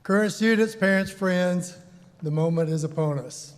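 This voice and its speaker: High-voiced man announcing graduates in a hall. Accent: Southern US. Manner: slow, measured name reading. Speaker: dean reading graduates' names. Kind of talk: formal ceremony announcing. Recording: long hall reverb.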